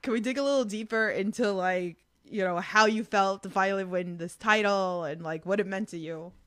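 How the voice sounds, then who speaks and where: A woman's voice: mid-range voice, moderate pace, fairly bright tone. Chatty lady host interviewing someone, laughs a lot. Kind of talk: casual interview.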